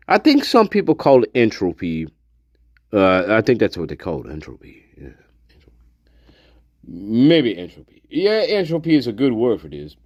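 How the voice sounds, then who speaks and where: A man's voice: on the low side, a little mellow, no echo, muffled recording. A man hosting a livestream, rambling in a giggly, profane way, repeating phrases and sometimes dropping to a whisper. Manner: drops to whispers at times. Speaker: livestream host.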